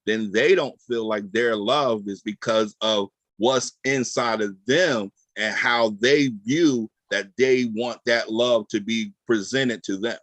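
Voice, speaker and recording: A man's voice: fairly low pitch, slow, few pauses, fairly bright tone, no room sound. A man explaining a point in a group discussion over a video call, with frequent ums.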